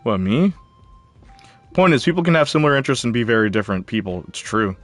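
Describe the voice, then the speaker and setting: A man's voice: medium pitch, sing-song, fast, dry recording, soft background music. A young man hosting a live game stream, chatting casually and answering viewer comments. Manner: chatty, jumpy, talks back to chat.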